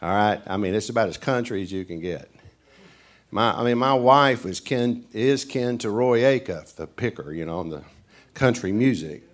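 A middle-aged man from Tennessee with a strong East Tennessee Southern accent, preaching as a visiting guest. He tells homespun stories to the congregation in a chatty, folksy way. When he acts out the people in his stories, his voice jumps up high. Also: moderate pace. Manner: animated storyteller who acts out characters. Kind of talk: folksy sermon storytelling.

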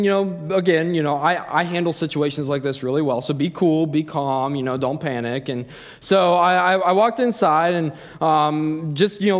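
Man in his thirties, higher-pitched, self-deprecating storyteller, long hall reverb. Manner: self-deprecating, lots of fillers and restarts. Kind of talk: personal anecdote, casual storytelling.

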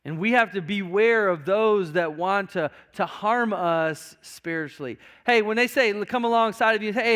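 A man's voice: high voice, normal speed, hardly any pauses, fairly bright tone. A male pastor preaching a sermon to his congregation, emphatic, with frequent repetitions and stammered restarts. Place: church sanctuary.

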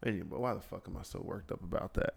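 A man's voice: low-pitched, quick pace, creaky, slightly rough. Profane man ranting on his podcast. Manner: profane, exasperated ranting with mocking impressions. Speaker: podcast host. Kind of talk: solo podcast rant.

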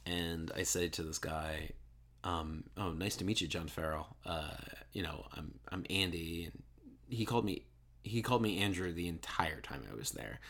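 A man's voice: low-pitched, moderate pace, fairly bright tone. A man in his thirties telling a rambling anecdote in casual podcast chat, full of fillers and restarts. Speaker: podcast co-host.

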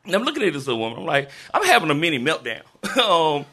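A man who is a teacher, telling a personal story live on stage, animated, laughing often and shouting to the crowd. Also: on the high side, fast, slightly rough. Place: live event venue in Memphis.

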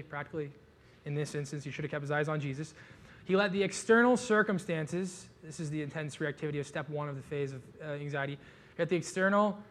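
A man delivers a sermon like a relaxed storyteller, cracking jokes and piling on casual fillers. His voice sits a little high for a man. The tone stays conversational rather than formal. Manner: casual, joking, animated storytelling with many "like" fillers. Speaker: pastor.

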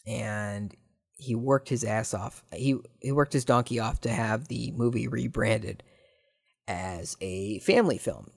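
A man from Southern California, hosting a podcast and chatting casually through listener questions in a rambling, jokey way with sudden excited bursts. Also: on the low side, measured pace, vocal fry, husky. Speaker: podcast host.

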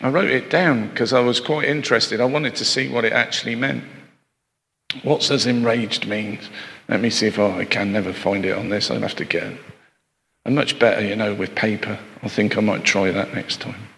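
A man delivers a sermon in a conversational way, breaking off for asides and rhetorical questions to his listeners. His voice has a gravelly edge. The recording carries the long reverb of a large hall. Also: on the low side, moderate pace, a bit bright. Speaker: preacher.

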